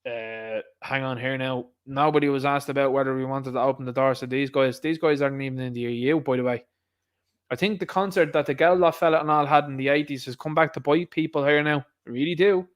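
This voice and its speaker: A man's voice: medium pitch, fairly even intonation, brisk, smooth. A man with an Irish accent giving a casual, ranting political commentary, sarcastic and exasperated.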